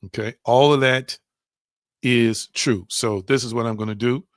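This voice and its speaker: A man's voice: medium pitch, steady tone, unhurried, dry recording, clean studio sound. A man giving a live-streamed spiritual teaching, repeating his phrases, putting questions to viewers and reading their comments aloud.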